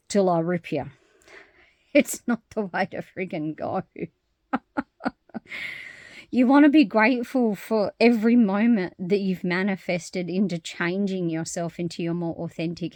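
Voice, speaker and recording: A woman talking openly to camera in a casual vlog, animated and frank, swearing freely and laughing often. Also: medium pitch, no room sound. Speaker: vlogger. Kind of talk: casual personal monologue.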